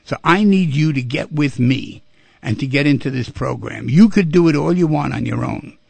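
A man's voice: a little high, expressive, normal speed, creaky, dry recording. A man hosting a call-in advice radio show, talking directly and coaching callers, often repeating himself for emphasis.

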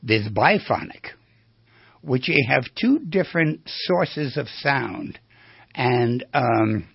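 A male therapist giving a storytelling lecture on the voice, animated and asking his audience questions. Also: medium pitch, takes it slowly, dry recording, dull audio. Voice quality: very raspy, gravelly.

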